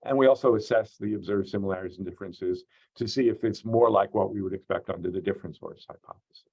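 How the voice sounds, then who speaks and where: A man teaching an online course, explaining slowly and carefully with many "uh" and "um" fillers. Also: on the low side, creaky, a little mellow, husky, muffled recording. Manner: measured, explanatory, frequent "uh" and "um" fillers. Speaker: course instructor. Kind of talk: online lecture.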